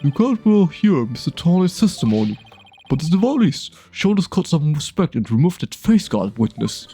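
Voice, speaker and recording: Man doing an excitable old judge, mellow voice, flustered, game voice. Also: fairly high pitch, moderate pace, husky, faint music behind, heavily acted. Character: flustered elderly male judge. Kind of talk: casual game dialogue reading.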